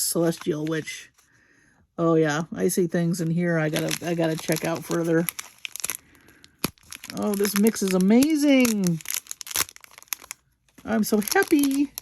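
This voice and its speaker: A woman hosting a crafting video, gushing slowly and admiringly over beads with soft exclamations as she unboxes them. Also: lowish voice, vocal fry, a little hiss or hum. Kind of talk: unboxing commentary.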